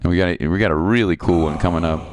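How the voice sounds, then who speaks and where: With a crowd audible behind him, a low-pitched man streams a video game in rapid-fire speech. He chats casually, reads the viewer chat aloud and responds playfully.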